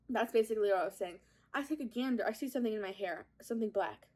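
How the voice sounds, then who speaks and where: Fast and mid-range in pitch, a young adult podcast host chats casually while doing her makeup at home. She films on a propped-up phone, giggling and telling stories that poke fun at herself.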